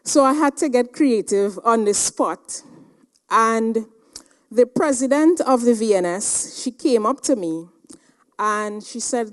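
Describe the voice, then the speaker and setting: A woman speaker delivers a motivational seminar talk at a slow, deliberate pace. She tells a personal story with dramatic, animated storytelling and a mid-range voice. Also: medium pitch.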